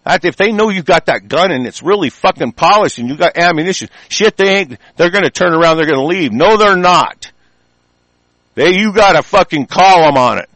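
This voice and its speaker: Angry, high-pitched man ranting. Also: animated, normal speed, fairly bright tone, no room sound. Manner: heated and profane, with frequent restarts. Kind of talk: angry monologue.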